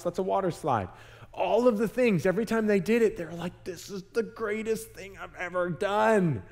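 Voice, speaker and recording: Pastor, man, 30s, animated sermon storyteller, slightly high voice. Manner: animated storytelling, acts out his kids' voices.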